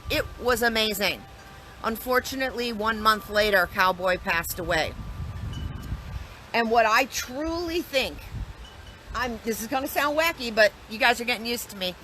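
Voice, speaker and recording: A woman shares a personal story in an earnest, reflective way, often circling back and repeating herself. Her voice is bright and forward, and there is a faint hum of room noise behind her. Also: fairly high pitch, animated, normal speed. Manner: earnest, reflective, with frequent restarts and repetitions.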